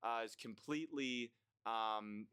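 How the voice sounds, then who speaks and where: A man's voice: medium pitch, slow, bright, forceful tone, clean tone, no room sound. A young man from the United States ranting through a list of dislikes in a blunt, profane, rambling way, with plenty of fillers. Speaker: vlogger.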